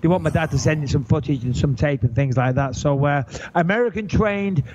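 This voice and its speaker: English guy in his thirties, podcast guest, lively, jokey and profane, pitched a bit high, lo-fi sound. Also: brisk, background noise. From England. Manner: animated, joking and profane. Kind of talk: casual podcast chat.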